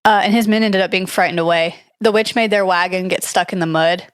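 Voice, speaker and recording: A woman's voice: on the low side, fairly even intonation, brisk, smooth, dry recording, studio quality. A woman co-hosting a podcast, casually retelling a ghost story from her notes, hedging often with "like" and "I don't know.". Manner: chatty, hedging, reads from notes with frequent likes and I don't knows. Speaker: podcast co-host.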